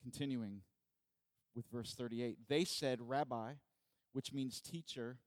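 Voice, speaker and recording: A man's voice: mid-range voice, fairly even intonation, unhurried, no echo. A male pastor preaching a sermon in a conversational way, asking his congregation many rhetorical questions.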